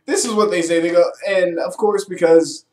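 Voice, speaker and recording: A man's voice: high voice, moderate pace. A man casually recapping and reviewing a show episode with enthusiasm, swearing and laughing often. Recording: echoey room.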